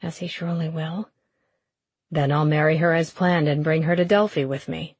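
Figure: a woman voicing a gentle young nobleman, steady and reassuring. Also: sits low, normal speed, breathy edge, dry recording. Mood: calm.

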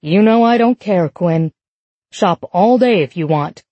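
A woman's voice: fairly low pitch, lively intonation, measured pace, dark tone, dry recording, highs cut off. A woman voicing a devoted, teasing husband who tells playful fibs with a straight face. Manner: dry, playful fibbing. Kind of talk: audiobook narration.

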